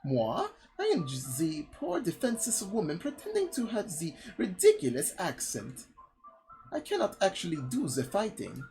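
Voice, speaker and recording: A woman voicing a scheming female game merchant, reading the dialogue slowly with an exaggerated, stereotyped French accent. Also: mid-range voice, wildly swooping pitch, mellow, faint music behind, pitched above the performer's own voice, poor audio. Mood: hammy. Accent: put-on stereotyped French. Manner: slow, drawn-out, hammy line reading.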